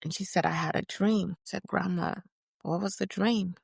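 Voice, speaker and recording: A defiant older activist, played by a woman, recalls her prison years in a dramatized interview. Her voice is gravelly and sits low, and she tells it in an emphatic, measured way. The sound is close and dry. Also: fairly even intonation, no echo, full character voice. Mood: reflective. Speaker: guest portrayed in interview. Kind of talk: first-person dramatized interview.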